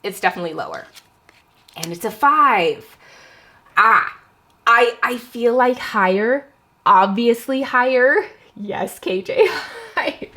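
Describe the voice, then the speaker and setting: A young adult woman book vlogger chatting casually at home, excitable and nervous as she plays a card game. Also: fairly high pitch, takes it slowly, long pauses. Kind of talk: casual vlog chat.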